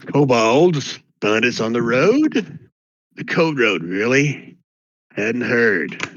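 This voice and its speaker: A man voicing a rambling, gossipy old country man with an odd folksy drawl and excitable questions. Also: slow, dry recording. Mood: gossipy, incredulous. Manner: excitable, questions shoot up in pitch. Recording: dull lo-fi dry mic.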